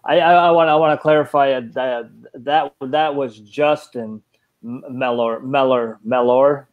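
A man's voice: medium pitch, fairly even intonation, a little slow. A man hosting a casual interview, stammering and repeating words as he talks. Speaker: host. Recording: dull lo-fi audio.

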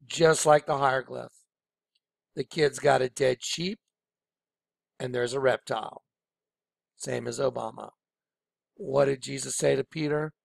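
A man's voice: mid-range voice, gravelly, dry recording, studio quality. A man talking casually and emphatically over on-screen images, rambling and repeating his points. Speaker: online video presenter.

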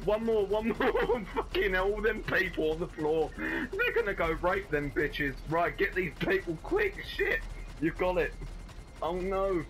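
A woman's voice: on the low side, huge pitch swings, measured pace, a bit bright, rough recording. A woman playing a game with a friend, screaming, swearing and laughing nonstop. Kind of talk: chaotic gameplay chat. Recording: game noise under the voice.

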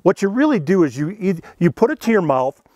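Male instructor, fairly high voice, dry close sound, relaxed folksy demo delivery. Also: a little fast, dry recording. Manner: easygoing, conversational, folksy. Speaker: elk calling instructor. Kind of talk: instructional demonstration.

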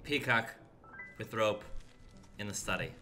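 A man's voice: fairly low pitch, a little slow, pushed and bright, soft background music. Theatrical young man hosting a game. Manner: playful, theatrical mock-serious delivery. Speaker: game host. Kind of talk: casual game chat.

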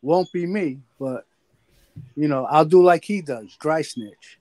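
Blunt, higher-voiced man cursing casually. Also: slow, a little mellow, no echo. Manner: blunt, profane, stammering repeats. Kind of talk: casual live-stream chat.

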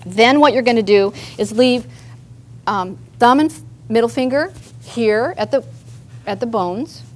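A woman's voice: fairly high pitch, measured pace. Chatty woman leading a workshop. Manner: chatty, guiding the group through movements. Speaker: workshop presenter, therapist. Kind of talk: live workshop instruction. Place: meeting room with a group.

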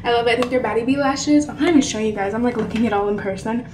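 A young woman with a high voice gushes breathlessly through an unboxing vlog, exclaiming at every new thing she finds. There is a faint hiss of noise behind her. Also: racing. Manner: gushing, effusive, many exclamations. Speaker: beauty vlogger.

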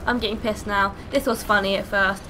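A young woman giving let's play commentary, swearing freely with loud exclamations while she plays. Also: medium pitch, fairly even intonation, fairly quick, noisy background. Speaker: gaming channel host.

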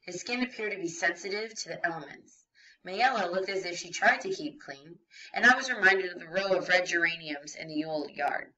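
Brief: woman teacher reading aloud, lowish bright voice, steady narration, dull distant recording. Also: brisk. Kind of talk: reading a novel aloud to a class.

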